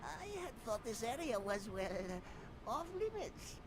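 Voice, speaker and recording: A man's voice: very high voice, big pitch swings, unhurried, noisy background, exaggerated voice. An actor playing a fussy, eccentric old man who guards a machine, hesitant and politely old-fashioned, with giggles in a video game cutscene. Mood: dithering. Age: older.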